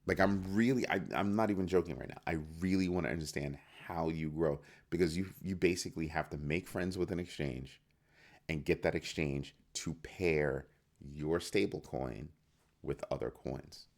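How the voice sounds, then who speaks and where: This crypto news host has an extremely low pitch and keeps a moderate pace. Sitting at a computer in his home studio, he delivers casual solo commentary, firing off rhetorical questions and often starting his phrases over.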